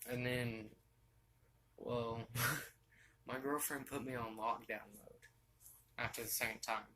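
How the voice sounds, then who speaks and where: Young man with a bright, halting voice. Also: mid-range voice, steady tone, slight background noise, poor audio. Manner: halting, with frequent restarts and fillers. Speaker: vlogger. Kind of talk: personal storytelling to camera. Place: bedroom, sitting on his bed.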